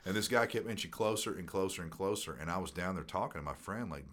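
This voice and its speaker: Man, very deep voice, casual podcast storyteller, laughs a lot, swears. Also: fast talker. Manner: animated storyteller, profane, laughs often.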